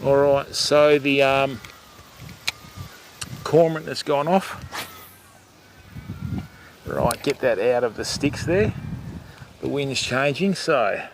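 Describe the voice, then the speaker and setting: A man's voice: mid-range voice, slow, gravelly, long pauses, background noise. A middle-aged Australian man hosting a fishing livestream outdoors, chatting casually with viewers and calling them mate. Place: outdoors by the water.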